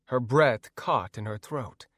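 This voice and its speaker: A man narrating a first-person audiobook in an expressive, storytelling way. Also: medium pitch, slow pace, dry recording, studio quality.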